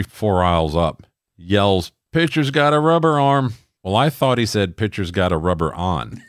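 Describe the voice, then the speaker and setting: A man's voice: low-pitched, dry recording, studio quality. A man co-hosting a podcast in crude casual banter, a profane storyteller prone to ranting. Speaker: podcast co-host.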